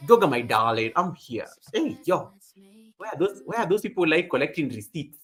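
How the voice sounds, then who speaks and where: Faint background music plays as this livestream host chats casually, welcoming viewers by name and saying his phrases over again. He speaks at a moderate pace in a very animated voice on the high side.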